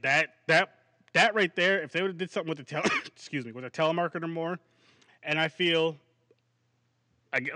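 A man hosting a podcast, chatting casually about a movie in a rambling, animated way and laughing often. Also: medium pitch, dry recording. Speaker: podcast host. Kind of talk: casual movie review chat.

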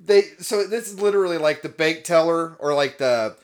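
A man's voice: fairly high pitch, moderate pace. A man co-hosting a casual podcast, reading out news stories and laughing often as he acts out the people in them. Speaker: podcast co-host. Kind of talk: casual chat, reading headlines.

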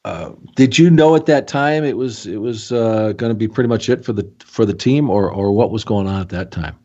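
Halting low-voiced male host. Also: warm tone, highs cut off. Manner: halting, restarts questions, many fillers. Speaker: podcast host. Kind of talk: interview questions.

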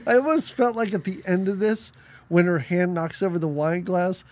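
A man's voice: sits high, normal speed, no echo. Chatty laughing male podcast co-host. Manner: chatty, laughs often, jumps between topics. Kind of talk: casual film review chat.

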